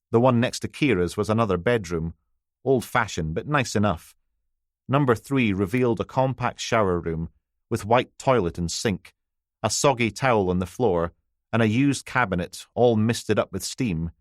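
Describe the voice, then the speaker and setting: A man's voice: on the low side, dry recording. A man narrating a crime novel audiobook with a dry, wry delivery on a close mic.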